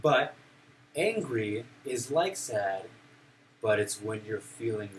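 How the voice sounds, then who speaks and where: A man teaches young children in a classroom, talking slowly and swinging his pitch widely to keep them engaged. He is playful and encouraging, and he acts out each emotion. He is picked up from a distance, with faint room noise around him. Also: expressive. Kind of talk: classroom teaching of simple English.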